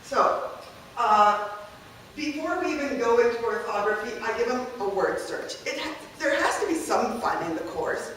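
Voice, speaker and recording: A woman's voice: a little high, expressive, moderate pace, a bit bright, a little hiss or hum. A woman giving a workshop talk as a university Spanish instructor, explaining step by step and often checking in with "okay?". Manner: explanatory, frequent checking okays, mixes in Spanish phrases. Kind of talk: workshop presentation. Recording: echoey room, speaker far from mic.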